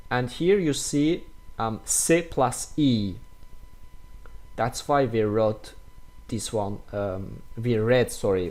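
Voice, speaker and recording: A man with a French accent teaching French pronunciation in English, slowly repeating each example word with many hesitant fillers. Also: medium pitch, darkish tone. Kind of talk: casual pronunciation lesson.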